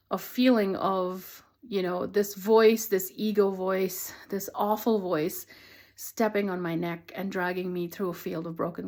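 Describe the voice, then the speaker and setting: Gentle, earnest woman teacher. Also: on the low side. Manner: earnest and gentle, speaks affirmations softly. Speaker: transformational teacher. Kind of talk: reflective spoken monologue.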